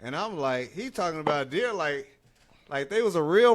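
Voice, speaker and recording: An animated man hosts a laid-back podcast chat. His voice sits a little high, and he slips into other people's voices whenever he quotes them. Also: normal speed. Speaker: podcast host.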